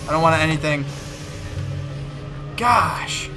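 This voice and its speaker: A man's voice: a little high, lively intonation, slow. A man commentating a horror game, muttering and swearing nervously to himself. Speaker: let's play gamer. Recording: game music behind voice.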